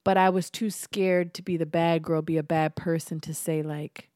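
A woman's voice: low-pitched, flat delivery, normal speed, warm tone, no echo, studio quality. A woman guest on a podcast, chatting casually in a frank, earnest way and swearing freely. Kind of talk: casual chat.

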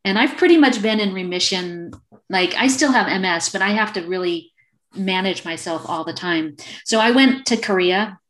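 A woman's voice: mid-range voice, moderate pace, a bit bright. A woman in her fifties, an acupuncturist guest on a video call, telling a story and acting out the quoted exchanges. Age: 50s. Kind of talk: casual storytelling interview.

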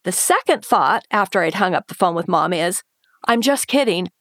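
This woman's voice sits on the low side and is a bit bright, moving a little fast over a dry, studio-quality recording. As a guest in an interview, she earnestly and emotionally relates something painful from her past, performing both her former thoughts and what others said.

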